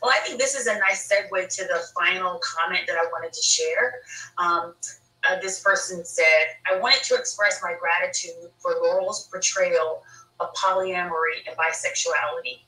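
A woman's voice: on the low side, moderate pace, pushed and bright. Distant, echoey woman host. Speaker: interviewer host. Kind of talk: reading a viewer comment aloud.

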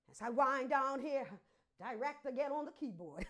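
Woman preacher, very high voice, emphatic, swings between hushed and loud, call-and-response sermon. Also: animated, normal speed.

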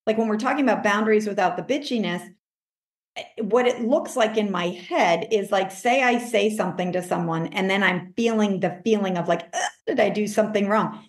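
A woman life coach talking in a casual interview, animated, acting out her own self-talk in a higher voice. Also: a little fast, echoey room. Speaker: life coach, podcast guest.

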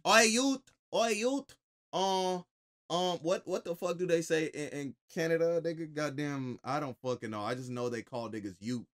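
A man's voice: a little high, fairly even intonation, a little fast, few pauses. A man streaming a reaction to a video, talking bluntly and mockingly with lots of profanity. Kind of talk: casual reaction commentary.

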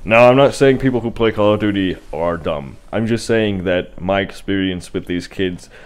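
A man's voice: low voice, moderate pace. A young man giving casual, rambling commentary over his own gameplay, with sarcastic asides. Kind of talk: casual let's-play commentary.

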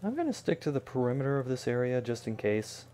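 A man in the middle range of pitch talks his way through a video game stream. He mutters to himself with a wry edge and drops joking asides as he plays. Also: sing-song, fast, mellow, a little hiss or hum. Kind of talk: casual gameplay commentary.

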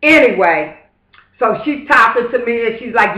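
High-voiced man preaching in an echoey room. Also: animated, moderate pace, fairly bright tone. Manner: emphatic and fervent, with repeated rhetorical asides. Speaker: vlogger. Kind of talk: casual vlog monologue, preachy. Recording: roomy echo.

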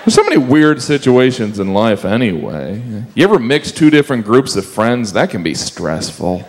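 Male stand-up comic, lively delivery, audience noise clearly audible behind. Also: normal speed, a faint crowd. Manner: bursts into high-pitched character voices. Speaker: stand-up comedian. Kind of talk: stand-up comedy set. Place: comedy stage. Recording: live room with audience noise. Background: audience laughter.

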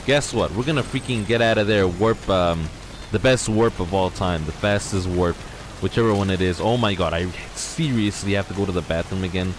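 A young man hosting a let's play, excitedly exclaiming and talking to his viewers from his garage. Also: low-pitched, normal speed, noisy background. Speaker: gaming channel host. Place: home garage.

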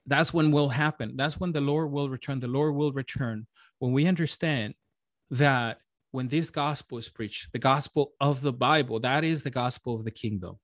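A man's voice: mid-range voice, normal speed. A man preaching a sermon as pastor, earnest and emotional, often repeating his phrases.

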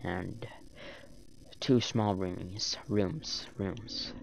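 A man's voice: low-pitched, very slow, creaky, noisy background. A man in a put-on British accent gives rambling let's-play commentary and talks to the enemies on screen. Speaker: gamer. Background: game music.

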